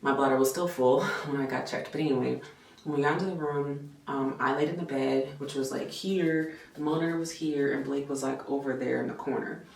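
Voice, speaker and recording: A woman with a low voice tells a casual vlog story in an animated, expressive way. She swears freely and fills her talk with "like." The sound is roomy and echoey, picked up from a distance, with faint noise underneath. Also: a little fast, creaky. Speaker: vlogger and nurse.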